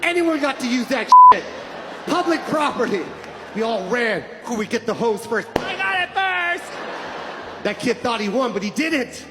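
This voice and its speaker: A middle-aged man doing stand-up, ranting loudly and nostalgically. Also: very high-pitched, expressive, normal speed. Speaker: stand-up comedian. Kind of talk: stand-up routine. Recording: loud crowd and noise. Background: roaring audience.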